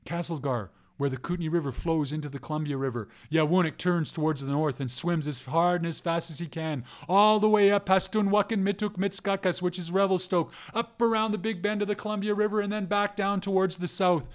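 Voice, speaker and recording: A man's voice: sits high, steady tone, a little fast, few pauses. Rhythmic male storyteller. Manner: rhythmic, repeats phrases and place names. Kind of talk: oral storytelling of a legend.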